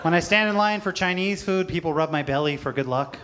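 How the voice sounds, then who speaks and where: Stand-up comic, man, high voice, self-mocking, live stage mic with a loud laughing crowd. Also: a little fast, background noise. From not from Utah, moved there. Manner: self-deprecating, mock-solemn then energetic. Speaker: stand-up comedian. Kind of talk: stand-up comedy set. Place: live stage before a large audience.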